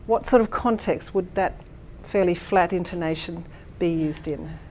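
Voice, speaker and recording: A woman's voice: lowish voice, moderate pace, a little mellow. A woman leading a workshop for teachers, explaining and demonstrating a lesson with frequent fillers and restarts while checking in with the room. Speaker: teacher trainer presenting a workshop.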